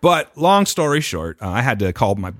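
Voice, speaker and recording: A man's voice: medium pitch, moderate pace, dry recording, clean studio sound. A man casually telling a story on a podcast, cursing freely and acting out the people in it. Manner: profane, animated retelling with put-on quotes. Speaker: podcast co-host.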